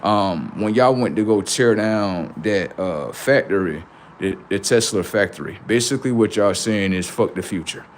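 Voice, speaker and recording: A man's voice: lowish voice, expressive, normal speed, slight background noise. Preachy man ranting on a livestream. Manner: preachy, rhetorical, acts out both sides of imagined exchanges; casual slangy speech, frequent swearing. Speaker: livestream host. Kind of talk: casual livestream monologue.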